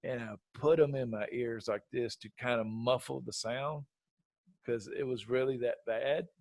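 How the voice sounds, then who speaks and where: A man's voice: mid-range voice, a little slow, no room sound. A man hosting a podcast, telling a story in a casual chat and acting out the quotes. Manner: animated storyteller, acts out quotes. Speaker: podcast host.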